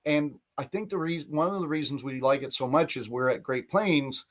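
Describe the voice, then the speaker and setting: A man's voice: fairly high pitch, moderate pace. A man co-hosting a live podcast, chatting casually in long rambling stretches, laughing often and restarting his sentences. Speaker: podcast co-host. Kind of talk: casual chat.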